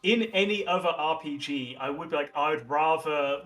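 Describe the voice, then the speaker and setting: A man's voice: a little high, a little fast, fairly bright tone, faint music behind. A man chatting as a laid-back player in a tabletop horror game. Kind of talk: casual tabletop chat.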